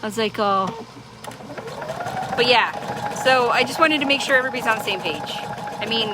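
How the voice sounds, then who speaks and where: Chatty, rambling woman with a higher voice. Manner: rambling, chatty, laughs often, many restarts. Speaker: vlogger. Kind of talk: casual chat to camera. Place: small town in Arizona. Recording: clear background noise.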